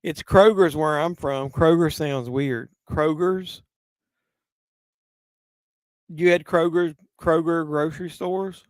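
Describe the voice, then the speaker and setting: Tipsy from drinking, a live-stream host rambles slowly through a movie watch-along with long pauses, cursing casually and answering chat. His voice sits a little high and sounds smooth and resonant, with fairly even intonation. The recording is dry and close, with no room echo.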